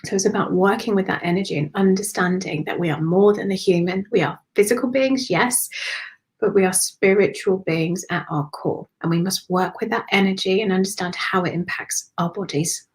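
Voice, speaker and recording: A woman hosting a live-streamed spiritual reading on her phone, affectionate and animated, calling listeners darling. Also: medium pitch, normal speed. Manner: animated, swooping intonation. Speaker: spiritual medium giving readings.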